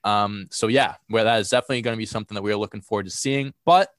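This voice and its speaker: A man's voice: on the low side, racing, dry recording, studio quality. A young man hosting a casual sports podcast, sounding a bit congested from a cold and talking energetically with lots of fillers and restarts. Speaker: podcast host.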